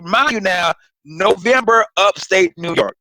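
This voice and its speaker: A man and guest comedian telling a story in casual, animated chat on a remote call, swearing and acting out voices. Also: sits high, unhurried, a little hiss or hum, low-quality recording. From Florida. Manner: animated, profane, acts out voices.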